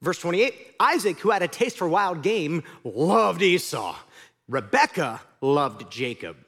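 A middle-aged man preaches a sermon with a high, lively voice that swings widely in pitch. His delivery is animated, rising to near shouts and falling to quiet intensity. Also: a little slow, slightly rough. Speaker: pastor.

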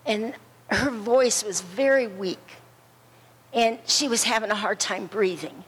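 A woman telling an earnest story as a friend at a memorial service, repeating words slowly for weight. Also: mid-range voice, a bit bright, slightly rough, low-quality recording. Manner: earnest, slow and repetitive storytelling. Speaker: friend giving a tribute.

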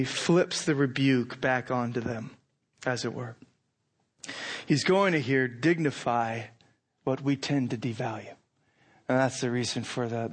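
A middle-aged man preaching a sermon, animated, acting out imagined lines with rising intensity. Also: mid-range voice. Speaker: pastor.

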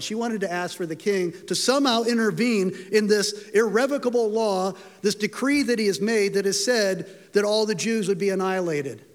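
High-voiced male preacher in a reverberant hall. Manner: storytelling, voices quoted lines with rising pitch. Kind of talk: sermon.

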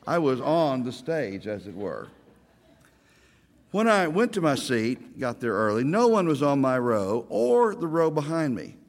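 A man's voice: mid-range voice, big pitch swings, measured pace, long reverb tail. A middle-aged man from Oklahoma, a pastor giving a sermon, telling stories with self-deprecating humor.

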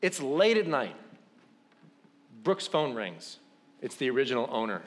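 Animated man telling a sermon story. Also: mid-range voice, measured pace, pauses often. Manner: animated, self-deprecating, acts out quotes.

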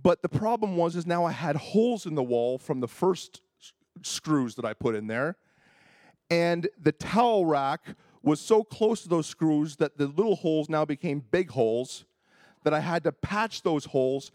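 Pastor in his fifties, comic self-deprecating storyteller, a little high-pitched, close and dry. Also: animated, normal speed, a little mellow, no room sound. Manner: self-deprecating, humorous, acts out quoted voices. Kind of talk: storytelling sermon.

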